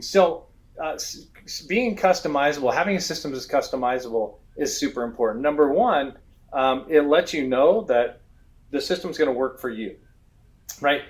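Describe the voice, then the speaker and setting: A man on a business interview, explaining roofing software with animated stories and acted-out customer voices. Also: mid-range voice. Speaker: guest, roofing software expert.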